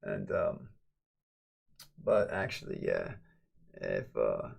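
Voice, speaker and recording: A man talks slowly with vocal fry during a late-night casual livestream chat. He rambles, swears, and veers from quiet mumbling to loud, excited shouting.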